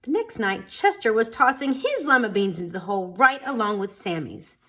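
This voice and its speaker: A woman reading a children's storybook aloud in an expressive, dramatic storytelling manner. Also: medium pitch, brisk. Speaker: storytime reader.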